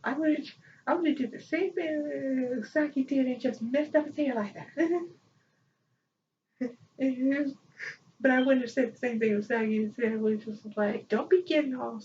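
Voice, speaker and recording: A woman chatting casually as a vlogger, excitable and rambling, often breaking into laughter. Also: high voice, unhurried, pauses often. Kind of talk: casual chat. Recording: distant, dull lo-fi mic with faint noise.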